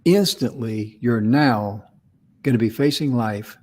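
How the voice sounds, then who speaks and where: A man's voice: medium pitch, takes it slowly, darkish tone. A man co-hosting a talk show, telling an inspirational story in a folksy, conversational way. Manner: folksy, affirming with frequent mm-hmms. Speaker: co-host.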